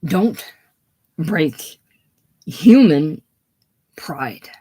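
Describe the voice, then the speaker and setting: A reader voicing a defrocked male minister and tour guide near hysteria, talking in strained, halting protests. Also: mid-range voice, expressive, dark tone, husky, full character voice. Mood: desperate.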